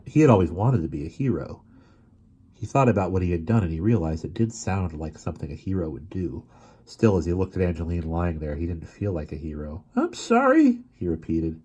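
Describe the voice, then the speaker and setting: A man reading a children's novel aloud in a quiet, measured way. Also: breathy edge. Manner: quiet, measured, drops low for sad moments. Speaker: reader.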